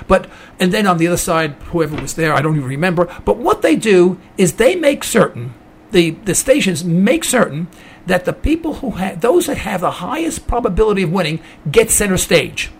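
A man's voice: sits high, very animated, moderate pace, gravelly, breathy edge. An American man hosting an online talk radio show, delivering an indignant political monologue. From United States. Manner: indignant, ranting, mocking quoted voices.

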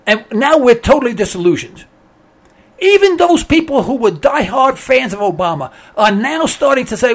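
A man's voice: very high-pitched, very animated, normal speed, creaky. A man giving a blunt, emphatic ranting monologue on politics, sarcastic and repetitive, hammering his points again and again. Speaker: political commentator.

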